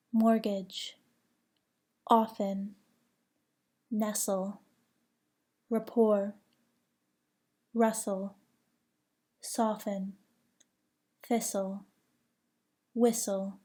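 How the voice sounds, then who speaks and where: A woman with a General American accent works through a pronunciation word list, enunciating each word with deliberate care. She speaks very slowly and keeps her pitch level from word to word. Her tone is soft and mellow. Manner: careful, deliberate enunciation of single words. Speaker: accent coach.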